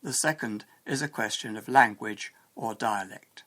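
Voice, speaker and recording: A man giving a scripted lesson in a measured, explanatory way. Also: on the low side, bright, forceful tone. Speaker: English teacher. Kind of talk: scripted educational narration.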